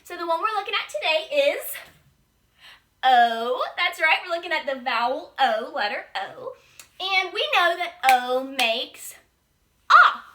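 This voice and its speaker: A woman's voice: high voice, lively intonation, measured pace, a bit bright. A young woman teaching an early-grade phonics lesson, speaking to young children in a sing-song, exaggerated teacher voice.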